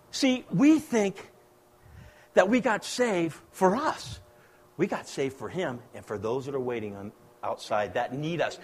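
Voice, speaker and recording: Pastor, male, middle-aged, from the US, high voice, impassioned sermon delivery that rises loud then drops to a hush. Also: animated, normal speed. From United States. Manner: impassioned, swings between loud exhortation and hushed quoting.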